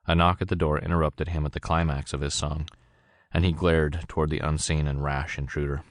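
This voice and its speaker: Guy reading an audiobook, super deep voice, steady, dry close mic. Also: brisk, dry recording. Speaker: audiobook narrator. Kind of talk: scripted narration.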